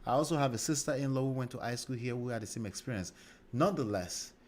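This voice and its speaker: Commenting on a clip during his livestream, this host speaks emphatically, tossing in "okay?" and "right?" to check in. He's fast, with a mid-range, darkish voice, and a slight hiss or hum sits under the audio.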